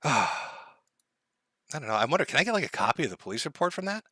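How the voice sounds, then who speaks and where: On a casual live stream, a man talks loosely and sardonically at a fast clip, his bright, medium-pitched voice swinging widely and carrying a breathy edge. He laughs often and hams up fake distress. Using headphones and a desk mic, the sound is dry and close with no room around it.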